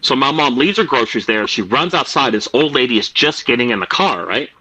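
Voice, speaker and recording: A man's voice: mid-range voice, animated, brisk, dull audio, background noise. A man on a video call telling a long rambling prank story to friends, with lots of fillers and acted-out quotes. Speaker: storyteller in an online group call. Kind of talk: casual anecdote told to a group.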